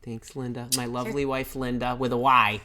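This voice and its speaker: A middle-aged man hosting a live career advice stream from home, talking in an excitable, scattered way as he reads the chat. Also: mid-range voice, a little fast, crowd noise. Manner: energetic, excitable, scattered while reading chat. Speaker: host.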